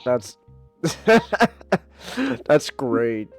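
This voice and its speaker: A man's voice: mid-range voice, drawn-out words, a little mellow, clean tone, faint music behind. A man hosting a casual live podcast stream, laughing often and teasing his co-hosts. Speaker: podcast host.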